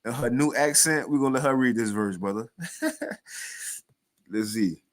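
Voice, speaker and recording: A man's voice: medium pitch, a little slow. A man preaching in a casual, slangy way, talking conversationally and reading scripture aloud between his comments.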